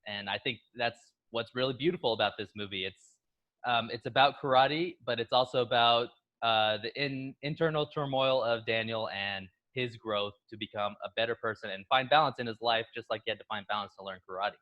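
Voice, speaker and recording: A man co-hosting a casual movie review chat, retelling scenes with lively character impressions. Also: mid-range voice, a little fast, lo-fi sound. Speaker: podcast co-host.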